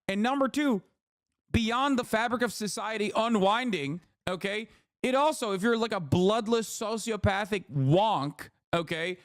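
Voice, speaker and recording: A man giving casual political commentary as a streamer, animated and profane, often tagging his points with "okay?". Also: high-pitched, dry recording, clean studio sound. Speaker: streamer reacting to news.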